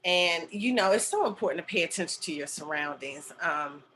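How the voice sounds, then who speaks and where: A woman's voice: fairly low pitch, animated, fairly quick, a bit bright, slight background noise. A middle-aged woman telling a personal story in a casual, chatty way, full of fillers and asides like "okay?" and "right?". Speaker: spiritual medium and healer sharing a story.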